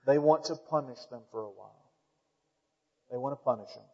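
A man's voice: mid-range voice, fairly quick. Man preaching in a reverberant church. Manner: emphatic preaching with rising, loud emphasis; calls out to the congregation. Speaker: pastor. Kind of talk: sermon. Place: church sanctuary. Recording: dull lo-fi sound with long hall reverb.

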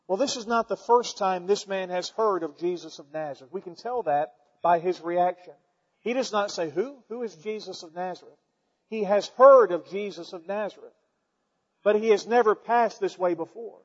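A male preacher delivering a sermon, telling a scripture story in his own words and building to forceful emphasis. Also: high voice, moderate pace, big-room sound, dull audio.

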